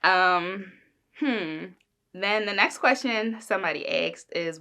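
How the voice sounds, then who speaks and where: A young woman hosts her own podcast in a relaxed, rambling chat. She fills her talk with "um" and "like" as she goes. Her voice is bright and sits a bit low. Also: slow, gravelly. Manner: chatty and rambling, with many fillers and likes. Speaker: podcast host. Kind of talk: casual solo podcast chat.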